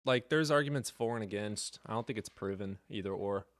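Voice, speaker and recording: A man's voice: fairly low pitch, fairly quick, dry recording. A man hosting a live stream, chatting casually with his chat in a blunt, sarcastic and profane way.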